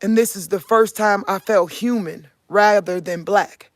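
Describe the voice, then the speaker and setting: This vlogger, a woman in her forties from Cleveland, Ohio, speaks in a mid-range, unhurried voice on a dry recording. She drawls in a country Midwestern way, earnestly talking to viewers in a casual monologue and repeatedly asking "you get what I'm saying?"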